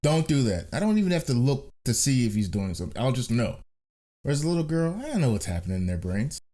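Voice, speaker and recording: A man's voice: medium pitch, very animated, quick pace, dark tone. A man co-hosting a podcast in casual chat, telling wry stories and laughing at them. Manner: wry storyteller, laughs at his own stories. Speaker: podcast co-host.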